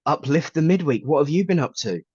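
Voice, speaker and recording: A man's voice: fairly high pitch, lively intonation, a little fast, darkish tone, slightly rough, no echo. A man co-hosting a live morning chat show, joking and laughing often and sometimes slipping into a radio-DJ delivery. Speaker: co-host of a live psychic show. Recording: dull lo-fi, dry sound.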